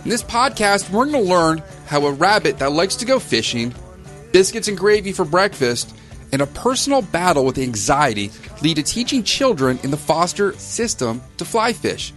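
A man's voice: high-pitched, big pitch swings, normal speed, a bit bright, faint music behind. A man hosting a podcast, talking over a remote call and asking chatty, friendly questions. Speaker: podcast host. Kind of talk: podcast interview. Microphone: remote call with some feedback.

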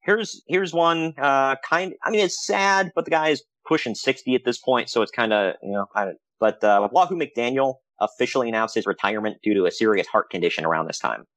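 A man co-hosting a podcast, telling stories in a casual, animated way with frequent laughs. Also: medium pitch, brisk, few pauses, no echo. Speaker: podcast co-host. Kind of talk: casual chat.

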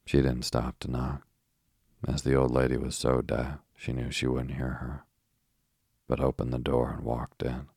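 A man narrating a children's storybook in a steady, measured reading. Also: rumbling low, breathy edge, dry recording, studio quality. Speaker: audiobook narrator.

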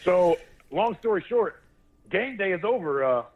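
A man co-hosting a talk show, telling a family story in an animated way and laughing as he goes. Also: high-pitched, measured pace. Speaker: co-host of a sports talk show. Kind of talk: casual storytelling chat. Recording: tinny phone line.

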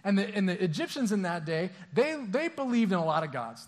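A young man preaching a casual sermon as a pastor, acting out characters in a lively, conversational way with frequent restarts. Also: high voice, brisk, few pauses. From Southern California. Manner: casual, animated, acts out voices, stammering restarts.

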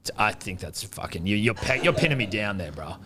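A man's voice: fairly low pitch, very animated, fairly quick, a crowd in the background. A young Australian man hosting a casual sports chat, blunt, sweary and joking. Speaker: podcast host.

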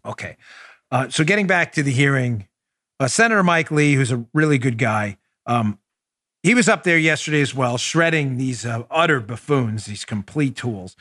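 A man's voice: medium pitch, lively intonation, normal speed, fairly bright tone, no room sound, clean studio sound. A man from New York hosting a political podcast, delivering a combative, sarcastic opinion monologue. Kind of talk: opinionated talk show monologue.

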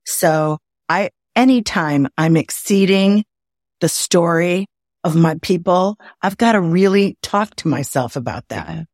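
A woman from the Midwest with a low voice, speaking as an interview guest over a video call from home. She tells her stories with energy and slips into playful inner dialogue. The recording is close and dry. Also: measured pace, dry recording. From Midwest of the United States. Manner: lively anecdotes, acts out her own inner voice. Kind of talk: conversational storytelling. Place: home, indoors.

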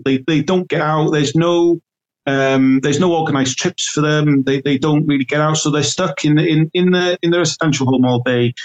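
A man's voice: a little high, poor audio. A man, a self-employed decorator, chatting casually on a podcast and telling stories with lots of fillers and restarts. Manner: chatty, warm storytelling with many fillers and restarts.

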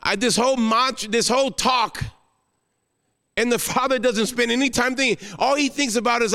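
A guest pastor preaching an emotional sermon, rising to exclamations and then falling soft into prayer. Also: male voice, very high voice, normal speed, creaky, long reverb tail.

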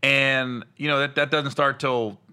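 A man hosting a casual chat, telling lively stories and laughing often. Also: mid-range voice, unhurried, clean tone. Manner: animated storyteller who laughs a lot. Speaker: podcast host.

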